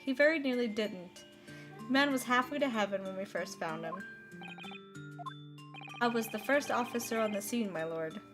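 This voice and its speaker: Eager English male detective, as a woman puts him on, brisk witness delivery. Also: on the high side, over music, close to an everyday voice. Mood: reporting.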